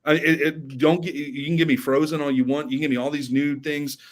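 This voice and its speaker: A man's voice: fairly high pitch, level tone, brisk. A young man and girl dad chatting enthusiastically on a podcast, now and then breaking into bits of song. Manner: enthusiastic, sings snatches of songs. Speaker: podcast co-host. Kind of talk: casual podcast chat.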